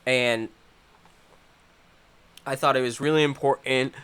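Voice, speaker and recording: A young man hosting a live stream, talking in a profane, rambling way that swings from loud angry ranting to low, muttered talk. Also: fairly even intonation, takes it slowly, smooth. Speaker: channel host.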